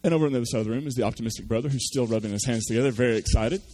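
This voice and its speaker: A man's voice: medium pitch, steady tone, rapid-fire, warm tone. A man preaching a sermon, telling a story with self-deprecating humor. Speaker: pastor.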